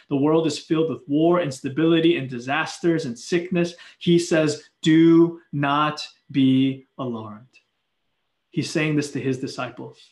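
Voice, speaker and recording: A man preaching a sermon, earnest and animated, with playful acted asides. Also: on the high side, echoey room. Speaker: pastor.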